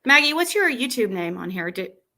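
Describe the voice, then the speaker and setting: A woman with a cold hosts a casual livestream chat, exasperated and rambling, full of fillers and half-finished sentences. Her voice is high and bright. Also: very animated, brisk, poor audio. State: has a cold. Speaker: livestream host.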